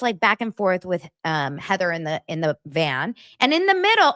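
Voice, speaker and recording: A woman hosts a chatty podcast, recapping reality TV with animated, gossipy energy. Her pitch swings widely, and she often jumps into high, mocking impressions. The sound is dry and close to the mic. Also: normal speed, no room sound. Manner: animated, gossipy, mimics cast members in high voices. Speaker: podcast host.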